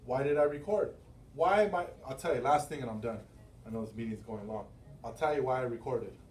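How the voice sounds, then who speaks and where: A man's voice: mid-range voice, a little hiss or hum. A middle-aged man, a sales manager, telling loose, profane stories at a team meeting, acting out quotes and laughing often. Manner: animated storytelling, acting out quotes. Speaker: sales manager and business owner. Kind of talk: motivational team meeting talk. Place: meeting room. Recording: roomy, from far off the mic.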